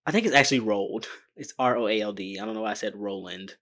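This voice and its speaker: A man's voice: fairly low pitch, fast, a bit bright, faint music behind. A man giving casual reaction commentary on a TV show, chatty, blunt and joking. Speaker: reaction video host.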